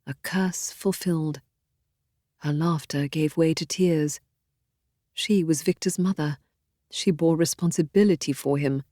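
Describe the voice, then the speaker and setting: Brief: audiobook narrator, woman, low and dark voice, dry close studio sound, measured and expressive. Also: dry recording. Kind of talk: scripted narration of a historical novel.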